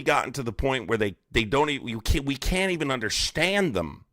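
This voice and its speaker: A man's voice: mid-range voice, big pitch swings, normal speed, hardly any pauses, fairly bright tone, no room sound, studio quality. A man hosting a livestream, ranting in a profane, mocking, rambling way. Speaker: live streamer host. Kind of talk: casual ranting livestream commentary.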